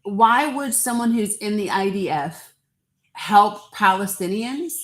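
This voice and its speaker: A woman's voice: mid-range voice, lively intonation, slow pace. Persistent woman hosting a live stream. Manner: persistent questioning, laughs it off.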